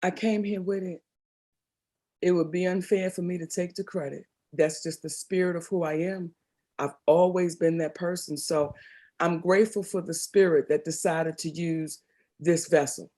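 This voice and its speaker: Speaking at normal speed in a lowish voice, this middle-aged Baltimore, Maryland comedian and actress tells stories with lots of expression in an interview. She's animated and keeps calling people "baby."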